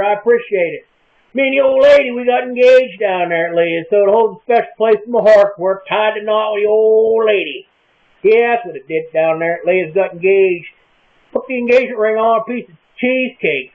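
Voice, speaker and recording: A man with a high, thin voice rambles through a casual monologue in a folksy, unhurried small-town manner. The sound is tinny and narrow, as if heard over a phone line. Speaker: comic vlogger in character.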